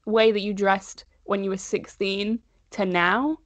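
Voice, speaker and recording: A woman's voice: mid-range voice, no room sound. Chatty young woman. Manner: chatty, animated, quick to laugh. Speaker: podcast co-host. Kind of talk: casual chat. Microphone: video call. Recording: dry close sound over a call.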